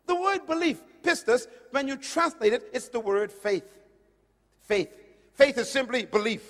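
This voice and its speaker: In a large auditorium, a Caribbean man with a high-set voice preaches a sermon, long reverb trailing each phrase. Expressive and unhurried, he hammers his points loudly, then sinks into a hushed, low tone.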